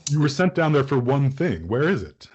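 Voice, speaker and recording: A man's voice: medium pitch, sing-song, normal speed, a little mellow, breathy edge, lo-fi sound, voice pushed up. A man voicing a stern, suspicious male character who curtly demands an item. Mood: menacing. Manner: demanding and curt.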